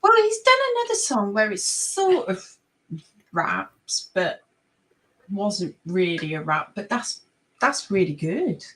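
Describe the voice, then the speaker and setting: Woman, bright tense voice, playful, teasing, lively pitch, bar chat. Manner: playful and teasing, quick to laugh. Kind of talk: casual chat over drinks.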